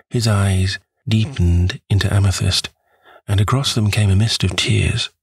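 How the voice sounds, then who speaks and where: Male audiobook narrator, low breathy voice, dry close sound, measured reading. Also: no echo. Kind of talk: scripted narration.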